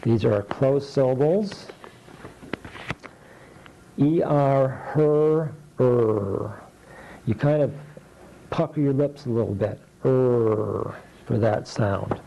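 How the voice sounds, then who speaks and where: Slow, patient phonics teacher, low mellow man. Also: gravelly, highs cut off. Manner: patient, deliberate, explains mouth positions. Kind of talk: slow instructional drill of letter sounds. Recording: faint background noise.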